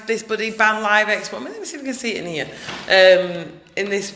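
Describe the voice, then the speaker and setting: A woman ranting in a casual vlog, loud, blunt and indignant. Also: on the low side. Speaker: vlogger, animal rights activist. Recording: echoey room with long reverb.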